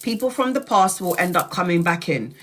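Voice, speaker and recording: A woman's voice: lowish voice, lively intonation, brisk. A woman giving a live-streamed tarot reading, chatty and blunt, swearing casually as she talks. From Brazil. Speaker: tarot reader.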